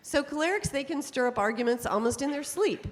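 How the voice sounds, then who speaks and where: Middle-aged woman, conference speaker; bright storytelling delivery, somewhat high pitch, long hall reverb. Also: brisk. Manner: lively storytelling with frequent laughs. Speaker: speaker on temperament psychology. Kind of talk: conference talk to an audience.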